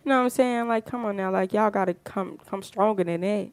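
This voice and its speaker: A fired-up woman holds a casual podcast monologue, emphatic and full of rhetorical questions. Her voice is smooth and resonant. The sound is dry and close. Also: medium pitch, a little fast, no echo. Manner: fired-up, emphatic, frequent "you know what I'm saying". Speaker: podcast host.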